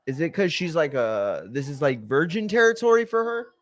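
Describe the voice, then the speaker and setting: Dude hosting a watch-along stream, swears a lot, high voice jumping all over, dry close sound. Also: male voice, normal speed, no echo. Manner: blunt, profane, excitable reactions. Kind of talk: casual live-stream commentary.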